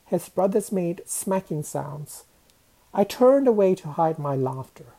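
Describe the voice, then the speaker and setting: A woman reading a children's story aloud, expressive and changing her voice for each character. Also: on the low side, a little slow, poor audio.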